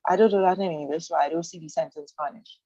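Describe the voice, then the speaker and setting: A woman gives a language lesson on the radio, explaining with patience and saying words again slowly. Her voice sits low and mellow. The sound is dry, close and muffled. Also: steady tone, dry recording. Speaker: Spanish teacher.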